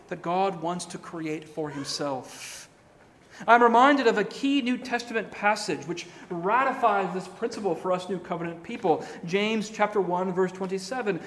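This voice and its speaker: A man with a high voice delivers a careful, scholarly sermon in a church. He presses key words hard, then lets phrases fall away softly. His words linger in the long reverb of a large hall. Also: slight background noise. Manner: scholarly, emphatic, with swells and drops in loudness. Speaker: preacher.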